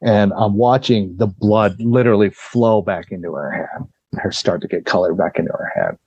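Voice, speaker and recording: A man's voice: fairly low pitch, moderate pace, a little mellow, breathy edge, no echo, lo-fi sound. A man who is a podcast guest, recounting a personal ordeal in casual, blunt, profane storytelling full of "you know" and "like".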